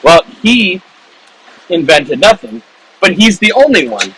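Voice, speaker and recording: A man, an author, casually retelling the plot of his own book in animated, rambling storytelling full of restarts. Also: high voice, a little slow, slight background noise, poor audio.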